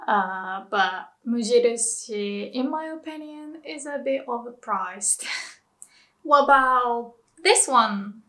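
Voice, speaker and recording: Slow, chatty Japanese-accented young woman. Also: fairly high pitch, a bit bright. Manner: chatty, giggles often between words. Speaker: language teacher. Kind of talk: casual language lesson.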